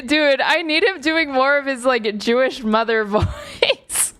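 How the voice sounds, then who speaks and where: A woman's voice: high-pitched, steady tone, a little slow, a bit bright, smooth. A woman streaming, reacting to a podcast with sarcastic, swear-filled casual commentary full of "like" fillers.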